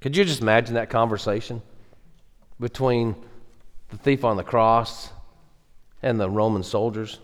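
A man's voice: medium pitch, unhurried, long pauses. A pastor preaches a sermon earnestly and emphatically, often repeating words as he builds. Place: church sanctuary. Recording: echoey church hall.

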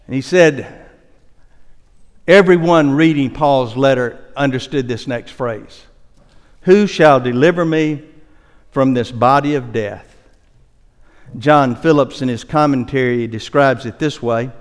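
A male pastor with a somewhat high voice delivers a conversational sermon. He reads scripture aloud and drags out the key phrases for emphasis. His voice rings with the long reverb of a large church sanctuary.

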